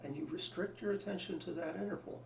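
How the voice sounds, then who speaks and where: Gravelly-voiced man lecturing in a roomy space. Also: high voice, fairly even intonation, fast talker. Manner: thinking aloud, restarts, asks rhetorical questions. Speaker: math teacher. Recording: roomy sound from a distant mic, faint background hum.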